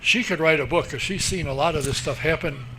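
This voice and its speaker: A man's voice: a little high, brisk, sharp tone, slight background noise. A man hosting a radio show, chatting with a guest in a teasing, folksy way. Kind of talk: casual interview chat.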